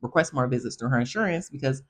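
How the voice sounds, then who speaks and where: A young woman hosting a podcast, telling casual stories in a chatty, animated way and talking straight to her listeners. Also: rumbling low, quick pace, husky. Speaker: podcast host. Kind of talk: casual storytelling monologue.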